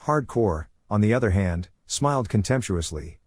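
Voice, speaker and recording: A male narrator recounting a comic story in a steady, even manner. His voice sits on the low side. The recording is close and dry with no room sound. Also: a little fast, hardly any pauses, no echo. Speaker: recap narrator.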